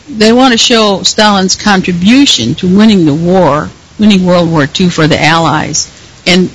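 A commentator delivering a prepared monologue in a deliberate, pausing way, often correcting themself mid-sentence. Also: mid-range voice, a bit bright, a little hiss or hum, rough recording.

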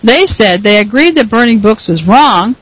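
A commentator delivering a prepared monologue in a deliberate, pausing way, often correcting themself mid-sentence. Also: medium pitch, expressive, fairly bright tone, no room sound, poor audio.

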